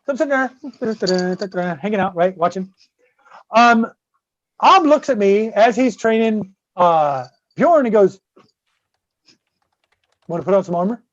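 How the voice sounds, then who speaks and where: A man's voice: high voice, animated, slow, no echo. A man guest-hosting a podcast, telling a long rambling story full of swearing and constant "right?" checks. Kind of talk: casual profane storytelling. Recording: dull, dry close-mic sound.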